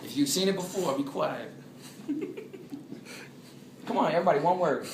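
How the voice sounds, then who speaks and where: A man giving an animated talk to a live audience in a coffeehouse, drawing answers from the listeners. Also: a little high, moderate pace, slight background noise. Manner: animated, draws answers from the crowd. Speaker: speaker. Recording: echoey room with loud ambience.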